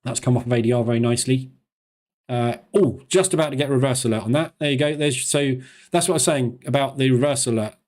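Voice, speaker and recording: Fast-talking man hosting a live stream. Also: mid-range voice, darkish tone. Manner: fast-talking, chatty and loose, with many fillers. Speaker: live-stream trading host.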